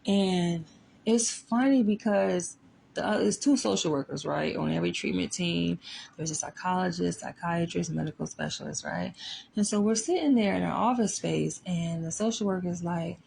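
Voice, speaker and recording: A woman's voice: fairly low pitch, normal speed, vocal fry, a little mellow, slight background noise. A woman psychologist talking casually and emphatically, often tossing in rhetorical asides. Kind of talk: casual commentary.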